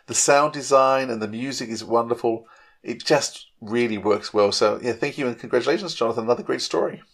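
A man's voice: mid-range voice, fairly quick, fairly bright tone. Male host, middle-register voice, earnest and appreciative. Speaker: podcast host. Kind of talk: casual interview talk.

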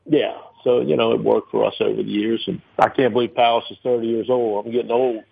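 A man's voice: mid-range voice, fairly even intonation, brisk, creaky, husky. A man in his fifties from New Orleans, a restaurateur telling rambling stories in a casual interview, with many fillers. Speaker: restaurateur guest. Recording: tinny phone line.

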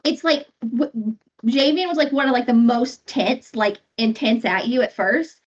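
A woman with a high voice talks about her character in a tabletop game in a rambling way, full of likes. Her voice comes through a dull, muffled line. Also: measured pace. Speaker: player. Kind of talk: casual tabletop game chat.

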